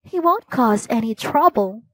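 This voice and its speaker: Anxious storybook mother, higher pitched and pleading, voiced by a woman. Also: animated, measured pace, no echo. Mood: worried. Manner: pleading and worried. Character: anxious caring mother of a frog.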